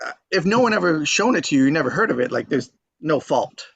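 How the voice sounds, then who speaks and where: A man's voice: on the high side, sing-song, quick pace, gravelly, fairly bright tone, slightly rough, no room sound. A man hosting a table read, chatting casually and rambling easily after the reading. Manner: easygoing, rambling with restarts. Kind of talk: casual post-reading chat. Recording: dull, dry lo-fi sound.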